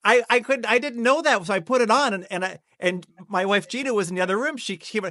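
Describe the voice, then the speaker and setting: A man hosts an interview with eager, playful energy and jokes freely. His voice sits a bit high for a man. The recording is dry and close. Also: fast talker, bright, forceful tone, dry recording. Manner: enthusiastic, playful, joking. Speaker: podcast host. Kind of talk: casual interview chat.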